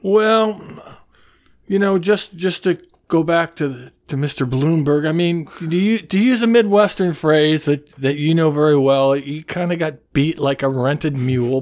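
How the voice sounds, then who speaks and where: Slow, halting guest, a man from Iowa. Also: fairly high pitch, darkish tone. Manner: halting, repeats words, jokey. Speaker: podcast guest. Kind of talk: casual podcast chat.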